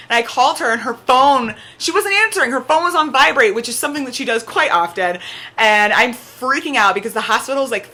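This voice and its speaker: Bright-voiced young woman telling a chatty story. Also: mid-range voice. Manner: chatty, peppered with "like", animated retelling. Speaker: vlogger. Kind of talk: casual storytelling to camera. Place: at home with her cat on her lap.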